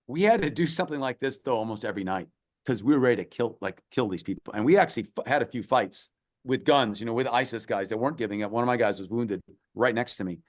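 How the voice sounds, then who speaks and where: A man's voice: medium pitch, fast. A middle-aged man, a podcast guest, telling a long story in an earnest, emphatic way. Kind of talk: storytelling interview.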